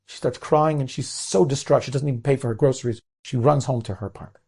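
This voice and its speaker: Brief: gravelly, mellow-voiced rabbi telling an earnest moral story. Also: male voice, medium pitch, fast, hardly any pauses. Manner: earnest, mixes in Hebrew words. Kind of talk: storytelling sermon.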